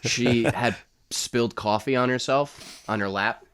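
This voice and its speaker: A male comedian telling family stories on a podcast, animated and swearing freely. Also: medium pitch, measured pace, clear, resonant tone. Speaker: comedian guest. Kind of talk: casual podcast storytelling.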